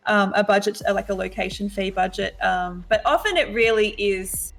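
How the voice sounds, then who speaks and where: Australian woman, interview guest, relaxed and quick-talking, middle pitch, light music bed. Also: gravelly. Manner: quick and easygoing, many filler words. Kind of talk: casual interview chat.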